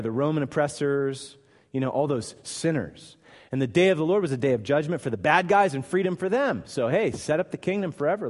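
A man preaching a sermon, acting out the Bible's dialogue with bursts of loud emphasis. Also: mid-range voice. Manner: animated, acts out scripture dialogue with sudden loud emphasis. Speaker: pastor. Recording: long hall reverb.

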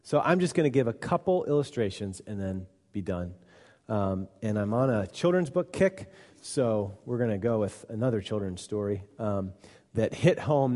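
A man preaching a sermon in a low, mellow voice, talking informally with fillers and asides. His voice carries the long reverb of a church hall.

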